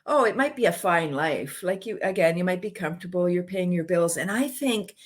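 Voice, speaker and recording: A woman's voice: on the low side, animated, fairly quick. A woman guest on a podcast, speaking with passion and enthusiasm and using many "like" fillers. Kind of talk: casual interview chat.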